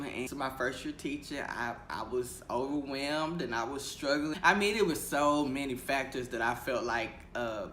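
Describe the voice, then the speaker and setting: A young man, a teacher, telling stories from his first year in a casual, animated vlog, acting out the voices he quotes and laughing often. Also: mid-range voice. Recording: echoey room with faint ambient noise.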